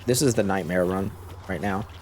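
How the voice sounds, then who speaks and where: A man casually commenting on his gameplay, musing aloud in a low-key way while nursing a sore throat and sucking on a cough drop. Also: normal speed, a little mellow, slight background noise. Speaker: gaming channel host. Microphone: cough drop in mouth.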